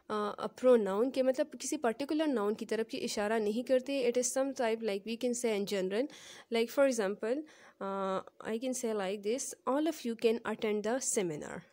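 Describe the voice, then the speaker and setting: A young woman teaches English grammar in a fairly high voice. She moves between English and Hindi, slowing down to repeat each example sentence for her students. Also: a little mellow. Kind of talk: explaining grammar in a lesson.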